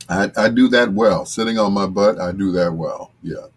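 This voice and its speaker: An older man with a deep, husky voice hosts a casual live stream, reading viewer comments aloud and joking in a relaxed way at a moderate pace.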